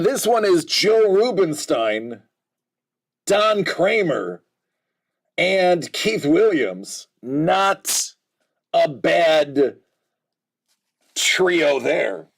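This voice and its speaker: A man's voice: a little high, big pitch swings, extremely slow, creaky, long pauses. An American man hosting a livestream, chatting casually and jokingly with his viewers and calling them by name. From United States. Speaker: livestream host.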